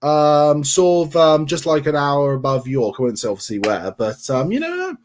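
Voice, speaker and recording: A man's voice: on the high side, very animated, normal speed, slight background noise. Chatty English man hosting a livestream. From England, grew up around Milton Keynes. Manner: friendly, chatty, many ums, reads comments aloud. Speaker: livestream host answering viewer questions. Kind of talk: casual livestream chat. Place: home in North Yorkshire.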